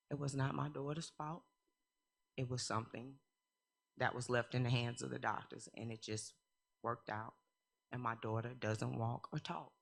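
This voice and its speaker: Speaking with an extremely low pitch and vocal fry, a woman in her thirties gives a candid, humorous church testimony. She moves between quiet, reflective moments and loud, animated passages.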